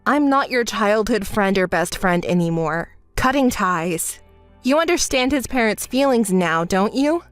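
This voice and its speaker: A woman narrating a texting story in a calm, dry, reproachful manner. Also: mid-range voice, a little slow, no echo, faint music behind. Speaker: narrator voicing the calm friend.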